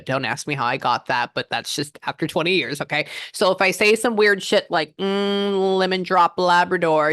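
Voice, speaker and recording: A woman's voice: deep voice, a bit bright, no echo, clean studio sound. A woman from Texas with a Texan accent, a psychic medium chatting to a client about how channeling works, rambling with many fillers and sometimes dropping to a whisper. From Houston, Texas.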